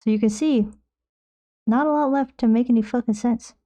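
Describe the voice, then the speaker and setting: A woman's voice: on the high side, moderate pace, dark tone. A woman streaming while she paints, chatting in a rambling, jokey way and slipping into silly voices. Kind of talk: casual chat while painting.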